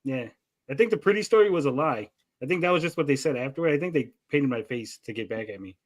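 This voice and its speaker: A man's voice: mid-range voice, lively intonation, fast. A man co-hosting a casual podcast chat, telling stories animatedly and swearing freely. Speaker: podcast co-host.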